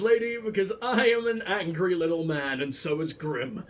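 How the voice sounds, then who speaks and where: A man's voice: sits high, fairly even intonation, moderate pace. A young man giving sarcastic, profane commentary while playing a game, mocking the characters. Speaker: let's play gamer.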